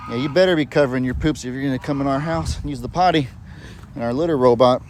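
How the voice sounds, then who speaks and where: A man's voice: mid-range voice, fast talker, darkish tone, slight background noise. A man chatting casually on a live stream while walking around his farm with a phone camera and talking to his animals in a sing-song voice. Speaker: farm livestream host. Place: outdoors on a farm among animals. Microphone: handheld phone camera.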